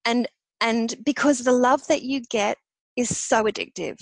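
A woman's voice: fairly high pitch, unhurried, no room sound, rough recording. Woman telling her story animatedly. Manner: animated, laughs often between phrases. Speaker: podcast guest. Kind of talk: personal storytelling.

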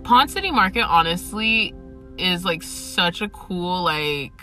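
Young woman, from Atlanta, podcast host, casual chat, sweary, laughs a lot, bright voice, recording in her car. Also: fairly low pitch, animated, takes it slowly, faint music behind. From Atlanta, United States. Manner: chatty, swears freely, laughs often. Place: parked car in a parking garage.

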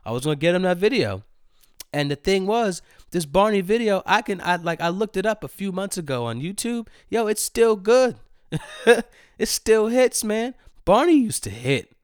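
A man's voice: high voice, very animated, moderate pace, smooth, no echo, clean studio sound. Laid-back man telling a story. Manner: casual, laughing, slangy, repeats phrases for effect. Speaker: host. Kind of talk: solo storytelling podcast.

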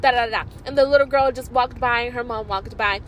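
A young woman with a high voice tells stories for her vlog. She is chatty and excitable and leans on lots of fillers. Faint noise sits behind her voice. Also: a little fast, muffled recording. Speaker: vlogger. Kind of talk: casual vlog storytelling.

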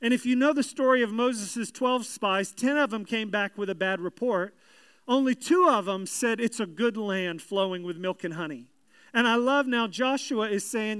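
Guy preaching, reads scripture then riffs on it, really high smooth voice, dry sound. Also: normal speed, fairly bright tone, no echo. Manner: earnest preaching with restarts and emphasis. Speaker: pastor. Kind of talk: sermon with scripture reading.

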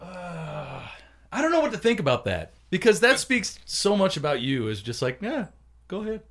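A man with a slightly high voice speaks at a moderate pace. He co-hosts a casual podcast conversation, animatedly telling stories and acting out what people said.

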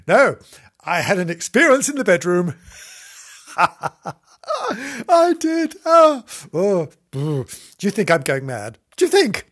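Giggly rambling host, husky voice. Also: medium pitch. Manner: rambling, giggly, self-mocking, theatrical. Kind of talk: rambling comic monologue.

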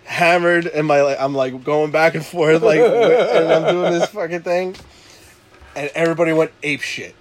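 A man casually telling a rowdy story with lots of swearing, shouting out the lines he quotes. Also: a little high, normal speed, crowd noise. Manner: animated, swearing, loud acted-out quotes. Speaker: podcast co-host telling a story.

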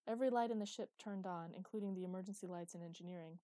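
A woman narrating a science fiction audiobook in a steady storytelling manner. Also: on the low side, quick pace, no room sound. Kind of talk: scripted narration.

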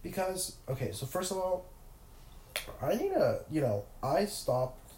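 A young man with a cold talks from his bed, his nasal voice mellow and a little dark. He rambles through a casual solo podcast, stumbling over restarts and fillers. The room around him gives a noticeable echo. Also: sits high, very animated, unhurried, slight background noise. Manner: rambling, filler-heavy, self-interrupting. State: sick with a cold. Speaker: podcast host. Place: in bed at home.

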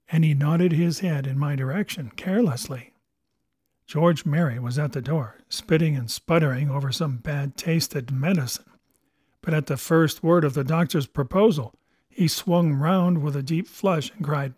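A man giving measured, expressive first-person narration of an adventure book. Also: on the high side, dry recording, clean studio sound. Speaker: audiobook narrator.

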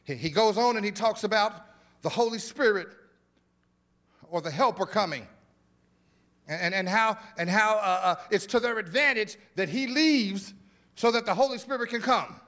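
A man preaching a sermon as pastor in a church, animated, with repeated words, exclamations and casual asides to the congregation. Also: sits high, normal speed, long pauses. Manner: informal, conversational asides to the congregation. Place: church sanctuary.

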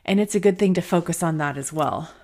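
A woman's voice: on the low side, a little fast, darkish tone. A woman in her forties hosting her own podcast, talking candidly and emotionally while trying not to cry. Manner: candid, emotional, thinking aloud. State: near tears. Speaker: podcast host. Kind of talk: personal solo podcast talk.

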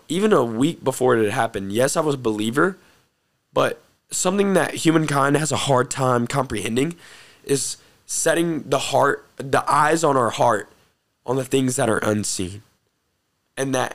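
A young man hosting a podcast, telling a personal faith testimony in an earnest, excited way, breaking into laughter at times. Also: medium pitch. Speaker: podcast host.

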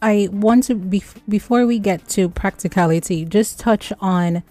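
Woman, nutrition guest, slow, mellow tone, numbered points, dry studio, faint music. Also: mid-range voice, dry recording. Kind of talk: radio health talk show.

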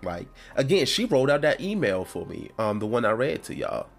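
A man's voice: medium pitch, very animated, normal speed, gravelly, soft background music. Earnest man talking from the heart. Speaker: podcast host. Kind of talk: casual solo talk.

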